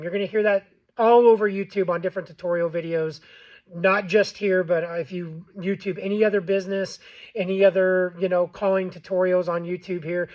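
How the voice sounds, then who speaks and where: Man, higher voice, plain-spoken how-to host, slightly dull recording. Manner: plain-spoken, frequent ums, checks in with okay. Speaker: game call maker and tutorial host. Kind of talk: casual how-to tutorial.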